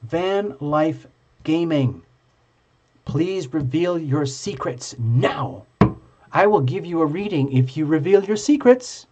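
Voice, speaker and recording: A man hosting a live tarot stream, chatting with viewers in an excitable, gushing and playful way. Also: fairly high pitch, takes it slowly. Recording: dull lo-fi stream audio.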